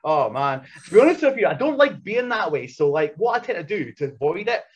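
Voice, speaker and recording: A man, a podcast guest, telling loud, excitable stories full of swearing and acted-out quotes. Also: sits high, brisk, slightly rough. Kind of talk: animated storytelling. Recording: dull lo-fi podcast audio.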